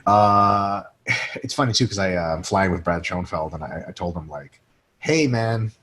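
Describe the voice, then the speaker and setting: A man's voice: sits low, normal speed, pushed and bright, a little hiss or hum. A man co-hosting a casual podcast, joking and swearing freely while reading listener questions aloud and answering them. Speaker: podcast co-host.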